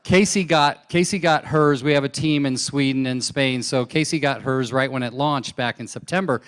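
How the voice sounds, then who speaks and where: Man, stage testimonial, animated storyteller, smooth clear voice. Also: mid-range voice, moderate pace. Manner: animated storyteller, acts out his wife's lines. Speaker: distributor sharing product testimonial. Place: large conference hall on stage. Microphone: handheld mic.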